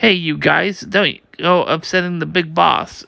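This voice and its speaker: A man reading a comic aloud, halting and slow, restarting words often. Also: a little high, creaky, sharp tone, no echo. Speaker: comic reader.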